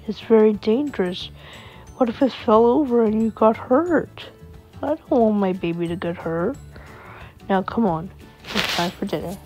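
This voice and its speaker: A woman voicing a gentle but firm young father who coaxes and scolds his little daughter. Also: mid-range voice, measured pace, faint music behind, natural voice, poor audio. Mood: coaxing. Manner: coaxing, scolding when needed.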